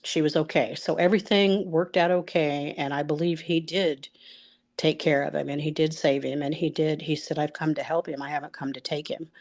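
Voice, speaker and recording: A middle-aged woman telling a personal story out loud, rambling and halting, with many fillers and restarts. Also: sits low.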